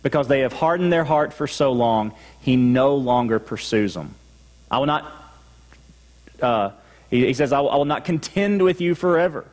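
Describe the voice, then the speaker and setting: A man's voice: medium pitch, expressive, moderate pace, a little mellow. A man with a Texan accent, a pastor preaching a sermon in a church sanctuary in a conversational way, acting out his listeners' replies. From Texas. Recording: long hall reverb.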